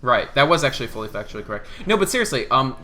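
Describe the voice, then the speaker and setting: A man casting a live online game tournament, excitable play-by-play with quick asides and laughter. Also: mid-range voice, crowd noise. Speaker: esports caster.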